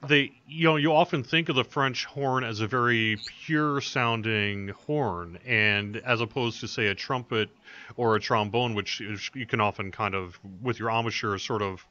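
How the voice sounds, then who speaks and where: A man asks musicians questions, halting and restarting as he goes. His voice is bright and sharp. The recording is dull and lo-fi. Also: mid-range voice. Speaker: interviewer. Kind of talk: casual interview questions. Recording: dull lo-fi sound.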